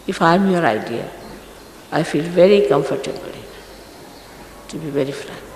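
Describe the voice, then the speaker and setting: A woman spiritual teacher giving a stern, scolding talk to her followers, recorded in a large hall. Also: low voice. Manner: stern and admonishing, emphatic. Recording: echoey archive recording from a hall, faint noise.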